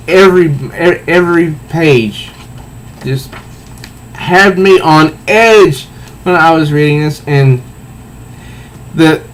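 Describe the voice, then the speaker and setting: A man casually reviewing a comic book and reading its panels aloud, halting often and restarting his sentences. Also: on the high side, a little hiss or hum. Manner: halting, with frequent restarts and fillers.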